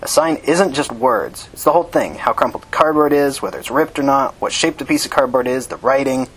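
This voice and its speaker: Guy putting on a blunt swearing hobo boss, husky and loud. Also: mid-range voice, brisk, rough recording. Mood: insistent. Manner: gruff, blunt, swearing, raised louder voice. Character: commanding man, a tall homeless leader in a cowboy hat.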